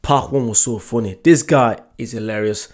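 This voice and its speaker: A man's voice: medium pitch, moderate pace, a little mellow. A man hosting a reaction video, chatting casually to his viewers. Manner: chatty, reacts with short interjections. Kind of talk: casual chat.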